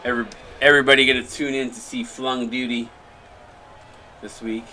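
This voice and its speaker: A man calls plays and thanks viewers on a live game stream. His voice is bright and forward, and his speech rambles with frequent restarts. A faint hiss sits under the recording. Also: medium pitch, flat delivery, moderate pace. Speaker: play-by-play caster and stream host.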